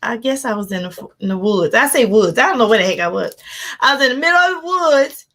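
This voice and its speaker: A woman life coach giving an energetic motivational talk, animated and laughing often as she acts out her own reactions. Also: on the high side, fast. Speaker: life coach hosting a live motivational session.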